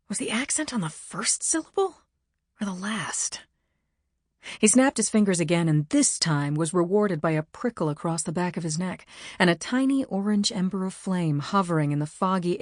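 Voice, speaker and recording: A woman reading an audiobook in measured, wry scripted narration. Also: lowish voice, darkish tone, no echo, clean studio sound.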